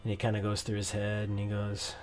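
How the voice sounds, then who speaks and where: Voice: sits low, completely flat delivery, brisk, soft background music. A game master narrating a tabletop game scene in a loose, rambling way with many fillers.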